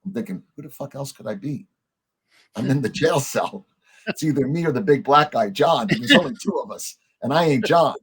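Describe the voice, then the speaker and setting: A middle-aged man, a podcast guest, telling a story in a lively way, acting out the lines of the people in it and swearing casually. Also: mid-range voice, moderate pace, breathy edge. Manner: animated storyteller, acts out quoted dialogue, swears casually.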